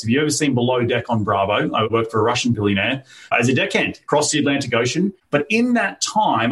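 Chatty Australian man, slightly distant mic. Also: mid-range voice. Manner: upbeat, talkative, laughs easily. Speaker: guest entrepreneur. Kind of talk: podcast interview storytelling.

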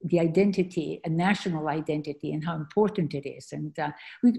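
A woman's voice: lowish voice, fast, vocal fry, hardly any pauses, mellow. A woman whose first language is French, from Argentina, telling her story earnestly as an author being interviewed, with frequent fillers. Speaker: author and guest. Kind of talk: conversational interview.

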